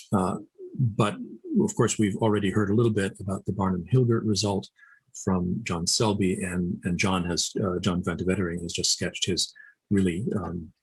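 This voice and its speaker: A middle-aged man delivers a conference lecture in a low, slightly husky voice. He speaks in a measured way, pausing often on fillers and restarting phrases. The sound is dry and close. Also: no echo, poor audio. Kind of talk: academic lecture.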